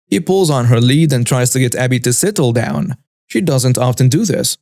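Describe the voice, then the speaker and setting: A man's voice: mid-range voice, expressive, a little mellow, dry recording, studio quality. A man narrating a written online story and acting out its characters. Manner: brisk storytelling that acts out each character. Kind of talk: scripted narration of a reddit story.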